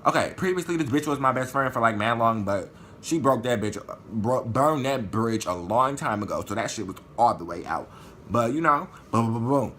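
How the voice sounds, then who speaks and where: A man telling a story in a vlog, animated and profane, acting out what people said. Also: medium pitch, moderate pace, slight background noise. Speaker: vlogger.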